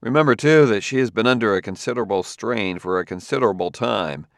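A man's voice: lowish voice, fast, creaky, no room sound, clean studio sound. A male audiobook reader voicing a stern, tired middle-aged detective who reasons tersely. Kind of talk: audiobook character voice.

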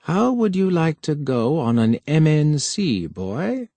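A man's voice: a little high, big pitch swings, slow pace, warm tone, husky, no echo, voice pushed up, full character voice. A man reading the part of an older, smoking senior official who talks down to his junior, in a raised, lighter tone. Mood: genial. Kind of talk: audiobook character voice.

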